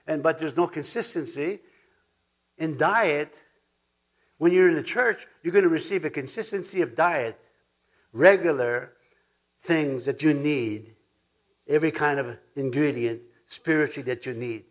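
A man's voice: fairly high pitch, measured pace, pauses often. A man preaching a sermon as pastor, emphatic, repeating words for stress and now and then chuckling.

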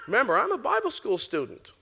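A middle-aged man from Canada preaching a sermon, telling a personal testimony in an animated way and laughing often. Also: very high-pitched, quick pace, gravelly, husky.

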